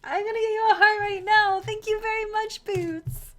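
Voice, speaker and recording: Tearful, gushing woman streamer, very high voice. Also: fairly even intonation, moderate pace, bright, forceful tone. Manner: gushing, tearful, repeats thanks. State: crying. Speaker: live streamer. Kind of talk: emotional live-stream thanks to viewers.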